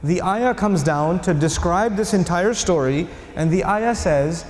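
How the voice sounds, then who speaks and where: A man giving an animated religious lecture. He asks the audience questions and acts out quotes as he tells a story. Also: sits high, measured pace, few pauses, roomy sound, big-room sound, slight background noise.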